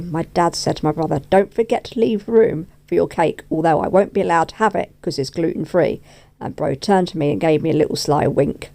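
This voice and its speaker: A woman's voice: fairly low pitch, mellow. Chatty woman narrating a vlog. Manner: chatty, cheerful storytelling. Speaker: vlogger.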